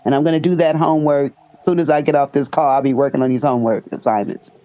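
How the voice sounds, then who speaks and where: A woman's voice: low-pitched, steady tone, fast, dark tone, lo-fi sound. A woman on a live video call, gushing with thanks and eager to get to work. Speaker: community member and new investor.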